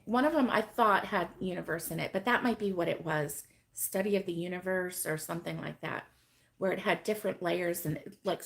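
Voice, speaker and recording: Still hoarse from being sick, a middle-aged crochet channel host chats casually on a live stream, greeting viewers by name and laughing frequently. Her voice is medium in pitch.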